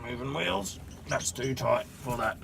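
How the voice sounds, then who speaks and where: Gravelly, sick Australian man. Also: mid-range voice, measured pace, heavy background noise. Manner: joking, dry sarcasm. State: sick with a sore throat. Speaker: home mechanic vlogger. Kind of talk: casual chat while working. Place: under a car on stands.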